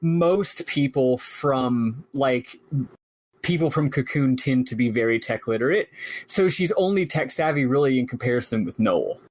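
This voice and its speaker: A man co-hosting a podcast, chatting casually about a video game in a rambling, animated way with lots of fillers. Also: medium pitch, measured pace. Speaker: podcast co-host.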